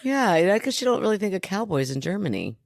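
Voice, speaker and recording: A woman co-hosting a podcast in casual chat, reacting to stories with jokes and quick asides. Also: mid-range voice, gravelly, dry recording, clean studio sound. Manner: animated, joking, quick asides. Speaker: podcast co-host.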